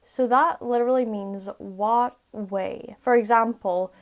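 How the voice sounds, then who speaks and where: Slow-talking woman teaching words. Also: on the high side. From Ireland. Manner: repeats words slowly and carefully for learners. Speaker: language tutor. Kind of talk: casual vlog-style language lesson.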